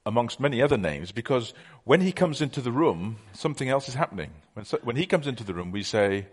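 A man's voice: mid-range voice, big pitch swings, fast talker, breathy edge. A middle-aged man preaching a conversational sermon, telling stories with many fillers.

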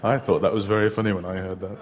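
Low-voiced preacher in a reverberant church. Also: male voice, flat delivery, dull audio, very noisy. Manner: chatty, unhurried storytelling with hesitations. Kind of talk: sermon with a joke. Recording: long reverb of a church hall.

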